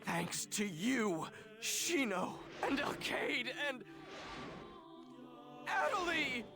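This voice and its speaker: A man's voice: very high voice, sing-song, drawn-out words, music in the background, full character voice. An actor playing an angry, vengeful young male fighter in a dubbed video game, with intense outbursts. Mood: furious.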